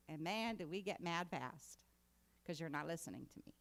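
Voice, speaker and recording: A woman's voice: low voice, animated, moderate pace, gravelly, a bit bright. A woman preaching a sermon in a conversational way that builds to emphatic exhortation. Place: congregation meeting hall.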